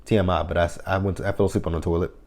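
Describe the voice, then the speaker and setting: A man's voice: deep voice, little pitch movement, racing, darkish tone. Laid-back man doing a profane TV recap. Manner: chatty, laughs often, swears freely. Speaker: TV episode reviewer. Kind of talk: casual recap, profane and joking.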